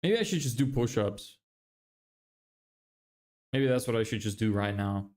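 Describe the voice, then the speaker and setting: A man's voice: lowish voice, animated, measured pace, a little mellow. Chatty young man streaming. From Ireland. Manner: loose and chatty, swears, laughs often. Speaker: livestreamer and agency owner. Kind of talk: casual livestream chat reading viewer messages.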